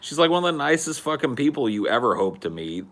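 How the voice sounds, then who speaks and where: A man in his thirties telling a wild story as a podcast co-host in casual chat, cursing freely and acting out the quotes loudly. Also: mid-range voice, quick pace. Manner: animated, swearing, acts out quotes loudly.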